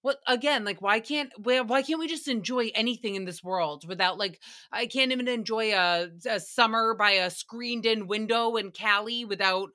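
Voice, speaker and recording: A young woman hosts a casual comedic recap, swearing freely and breaking into laughter as she goes. Her voice sits a little high with a bright, forward edge. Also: normal speed, hardly any pauses. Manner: profane, animated, laughs often. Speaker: podcast host.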